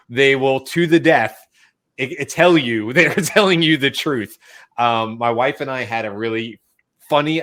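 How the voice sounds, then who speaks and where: A man hosting a podcast panel, telling stories in a casual, animated way and acting out the quotes. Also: lowish voice. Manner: animated storyteller, acts out quotes. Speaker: podcast host.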